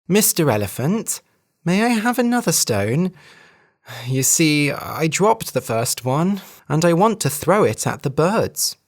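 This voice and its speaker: A sly little hare from a children's storybook chirps and squeaks her tricks, her voice leaping high and bouncing up and down. She sounds quick and pleased with herself, as a storyteller puts her on. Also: sing-song. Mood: sly, chirpy. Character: wily cheeky female hare.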